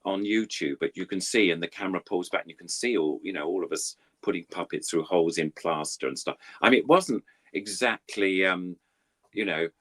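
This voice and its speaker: Deep-voiced older Englishman telling stories. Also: a little fast, a bit bright. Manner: rambling, self-deprecating storytelling with many fillers. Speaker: puppeteer guest. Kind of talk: anecdotal interview chat.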